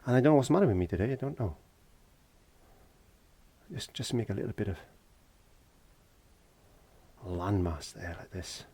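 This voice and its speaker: A man's voice: lowish voice, animated, normal speed, pauses often, dark tone, husky. A man from Wales, chatting and joking to himself as he teaches painting in a shed. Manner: chatty, jokey, talks to himself while working. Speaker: painting tutor. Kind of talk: casual painting tutorial. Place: garden shed.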